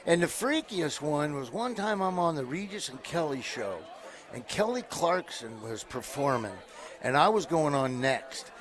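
A middle-aged man from southeast Nebraska, a comedian guest, telling stories in a casual interview and jumping up loud and high whenever he quotes someone. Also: measured pace. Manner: animated storyteller who jumps up loud and high when quoting people.

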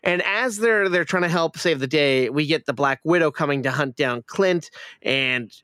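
A man's voice: fairly high pitch, moderate pace, pushed and bright, no room sound. Sweary male co-host, dry close sound. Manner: enthusiastic, swearing, hesitant fillers. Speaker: podcast co-host. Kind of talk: casual chat reviewing a TV series.

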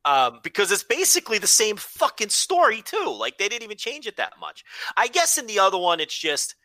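A man co-hosting a podcast in casual chat, animated and profane, often slipping into quick impressions. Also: high-pitched, dry recording. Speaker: podcast co-host.

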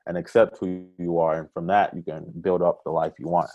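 A man's voice: deep voice, little pitch movement, brisk, dark tone, dull audio. A man as a podcast guest, talking in a laid-back, slangy, motivational way. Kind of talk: casual podcast interview.

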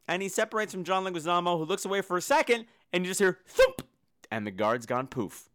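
Bright, lively campy man reviewing movies. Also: high voice, a little fast. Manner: campy, flamboyant, sarcastic asides; breaks into sung and squealed impressions. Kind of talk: casual comedic movie review.

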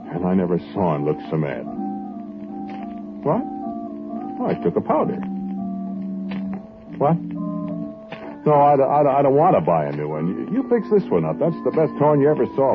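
An actor playing a hesitant, stammering trumpeter in an old-time radio monologue. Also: male voice, lowish voice. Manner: hesitant, stammering, sing-song. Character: nervous, hesitant out-of-work trumpeter. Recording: tinny old radio with faint music.

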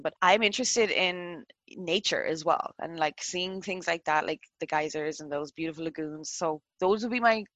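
An Irish woman in her thirties chatting casually on a video call, animated and full of "like" fillers. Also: lowish voice, dry recording. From Ireland. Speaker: interview guest.

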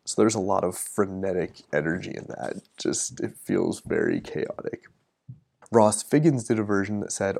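Low, gravelly male podcast host, thoughtful and unhurried, slows down to read verse. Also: fairly even intonation, darkish tone. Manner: reflective, reads poems slowly and deliberately. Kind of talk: thoughtful casual podcast talk.

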